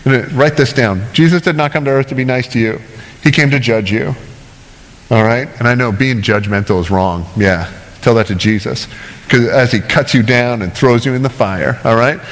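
Joking preacher in a big reverberant hall. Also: male voice, mid-range voice, normal speed. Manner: conversational, joking, asks "right?" often. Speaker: pastor. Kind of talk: sermon.

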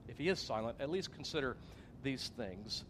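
A man's voice: medium pitch, lively intonation, normal speed, fairly bright tone, a little hiss or hum. A man preaching a sermon as a pastor, earnest and conversational, sharing personal stories.

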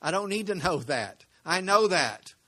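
An older man preaching a sermon, telling stories and asking rhetorical questions, swinging between emphatic and hushed. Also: high-pitched, sing-song, measured pace. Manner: conversational storytelling with rhetorical questions.

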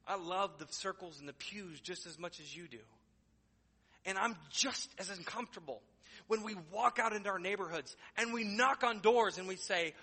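A man's voice: sits high, moderate pace, sharp tone, breathy edge, big-room sound. A man preaching a sermon as pastor in a church, conversational and joking, building to emphatic declarations. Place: church sanctuary.

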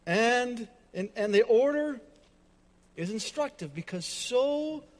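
A man's voice: very high voice, expressive, slow pace, in a large hall. A man preaching a sermon as pastor, dramatic and emphatic with repetition, in a church.

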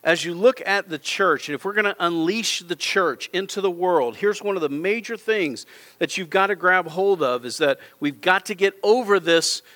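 A man's voice: high-pitched, moderate pace, sharp tone. A middle-aged male pastor preaching a sermon in a church auditorium, with impassioned, repetitive appeals straight to his congregation.

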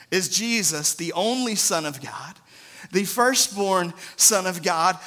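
A man's voice: high voice, sharp tone. A man in his thirties preaching a sermon in an earnest, conversational way, often adding "right?" asides. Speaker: pastor.

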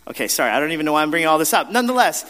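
A man's voice: a little high, big pitch swings, rapid-fire, pushed and bright. A man preaching a sermon as pastor, in a conversational, self-deprecating storytelling manner with frequent restarts. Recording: long reverb of a large hall.

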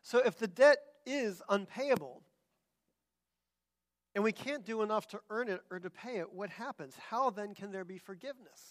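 A man with a fairly high voice preaches a sermon. He talks with animated energy, slipping into different voices as he acts out the people in his stories. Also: moderate pace. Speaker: pastor.

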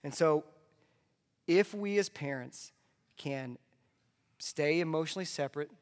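A man delivering a conversational sermon as a pastor, dropping into soft asides. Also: fairly high pitch, unhurried. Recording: long hall reverb.

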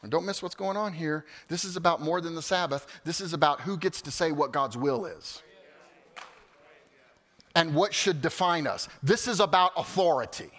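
A male pastor preaching a sermon, swinging from loud exclamations to quiet, casual asides. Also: a little high, moderate pace. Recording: hall reverb.

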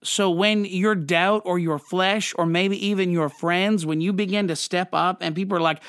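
Man, fairly high voice, dry close sound, fervent, emotional podcast devotional. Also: fairly even intonation, normal speed, few pauses, fairly bright tone, clean tone, dry recording. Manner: fervent and emotional, restarts and apologizes. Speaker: podcast host.

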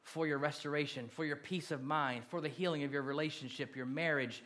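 A man's voice: a little high, steady tone, fairly quick. Man preaching a sermon. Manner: preaching, building from soft to loud calls. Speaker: pastor.

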